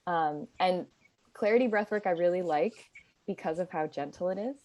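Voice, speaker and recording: A woman's voice: lowish voice, normal speed, a little mellow, highs cut off. A woman in her twenties, a guest speaking earnestly and casually, with frequent fillers and restarts. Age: 20s. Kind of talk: casual conversation.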